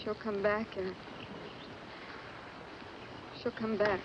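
A troubled wife in an old film played by an actress speaks in a flat, subdued way. The sound is muffled, with a faint hiss. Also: female voice, medium pitch, takes it slowly, echoey room, natural voice. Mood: wistful. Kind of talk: 1950s film acting.

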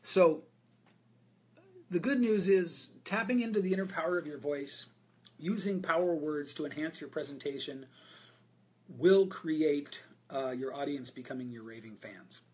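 A man coaching an audience on a group call, answering their questions about voice and speaking in a candid, energetic way with frequent fillers. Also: a little high, measured pace. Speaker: voice and presentation coach. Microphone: video call.

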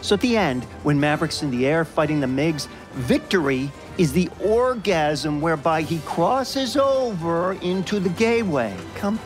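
A man playing a crude, excitable young movie buff. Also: fairly high pitch, faint music behind. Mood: ranting. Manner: fast, profane, animated rant. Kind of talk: audio drama acting.

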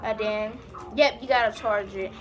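A young woman, chatting excitedly and breathlessly in a casual vlog. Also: mid-range voice, normal speed. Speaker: vlogger.

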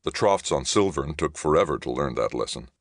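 A man reading a calm young soldier. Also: very deep voice, fairly quick, no echo, studio quality. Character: young male soldier, calm and matter-of-fact. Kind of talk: audiobook reading.

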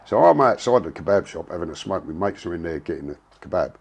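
A man's voice: deep voice, lively intonation, fast talker, vocal fry, a little mellow, husky. A man, telling a story in a blunt, casual way, full of slang and swearing. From England. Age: 60s. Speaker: interviewee.

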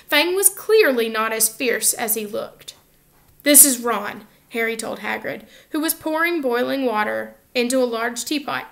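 A woman narrating a children's novel aloud in an expressive, lively reading style. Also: on the high side. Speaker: audiobook reader. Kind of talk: storybook narration.

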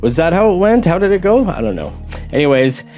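A man's voice: fairly high pitch, sing-song, fairly quick, a little mellow, faint music behind. Rambling man reading viewer comments. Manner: rambling, hesitant, with many fillers and asides. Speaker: reaction video host.

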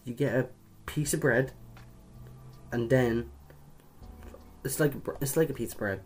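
A man's voice: mid-range voice, a little slow. A young man from Ireland doing casual quiz commentary, chatty, swearing casually and laughing at his own jokes. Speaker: video creator.

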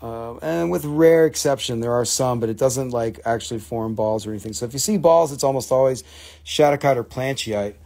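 A man's voice: mid-range voice, fairly quick, gravelly, darkish tone. A man hosting a live mineral sale, chatting enthusiastically and answering viewer comments. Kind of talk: casual live-stream sales chat.

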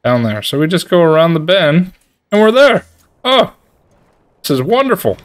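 A man giving casual, excitable, joking commentary while playing a video game. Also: on the high side, normal speed. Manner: excitable, trash-talking, jokey. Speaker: gaming streamer.

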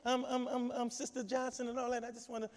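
A man's voice: very high-pitched, completely flat delivery, fast, in a large hall. A man playing a chatty church lady. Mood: breezy. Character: friendly woman church member inviting strangers.

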